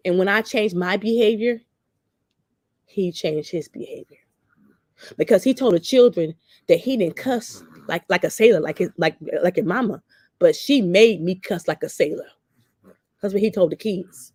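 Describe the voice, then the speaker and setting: Speaking at a normal speed in a mid-range, darkish voice, a talk show host recounts personal stories with blunt, salty animation. She imitates the voices of those she quotes, and the studio-quality recording has no room sound.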